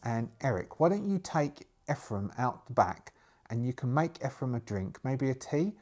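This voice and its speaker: A friendly adventurer offering his party a helpful suggestion, as a man voices him. The voice is mid-pitched and plain, a tabletop game figure. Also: expressive, normal speed, darkish tone, close to an everyday voice.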